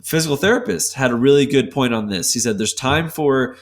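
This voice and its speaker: A man's voice: mid-range voice, a little fast. Earnest man explaining on a podcast. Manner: earnest, explains at length with frequent restarts. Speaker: podcast co-host. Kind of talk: casual podcast discussion.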